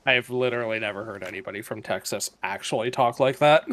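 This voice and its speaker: Bright man making dry remarks. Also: lowish voice, fast talker. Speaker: streamer. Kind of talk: casual chat during game stream.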